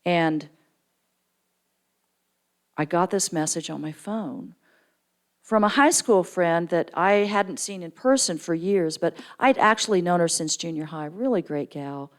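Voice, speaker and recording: A middle-aged woman tells a personal story from the pulpit of a church. Her voice sits a little low, and she keeps leaping up in pitch to act out what people said. The delivery is warm storytelling rather than formal preaching. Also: a little slow, long pauses. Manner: animated storyteller, acts out quoted voices with big pitch jumps. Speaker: guest speaker at church. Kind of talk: storytelling sermon. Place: church sanctuary.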